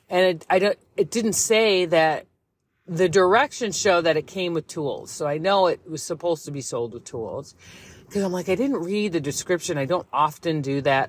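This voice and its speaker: A woman's voice: low voice, a little hiss or hum. A tired woman in her thirties talks through a casual solo podcast, rambling from one thought to the next. She is candid and swears freely, her voice sounding worn out and prone to yawns. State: tired, yawning. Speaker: podcast host.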